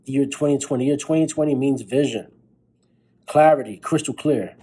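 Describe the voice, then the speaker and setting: A man's voice: mid-range voice, moderate pace, mellow, husky, low-quality recording. Profane fired-up podcast man. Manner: blunt, profane, fired-up pep talk. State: tired, recording late at night. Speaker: podcast host. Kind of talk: motivational monologue.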